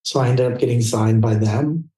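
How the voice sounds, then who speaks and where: Mellow-voiced older man, roomy distant sound. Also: normal speed. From California. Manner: animated anecdotes, acts out quoted people in a higher voice. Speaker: guest, fashion photographer. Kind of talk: casual storytelling interview.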